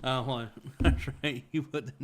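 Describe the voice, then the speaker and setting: A man with a mid-range voice talks at a moderate pace in a steady tone, streaming from home and reading his chat. He rambles, cracks jokes and pokes fun at himself in this casual livestream.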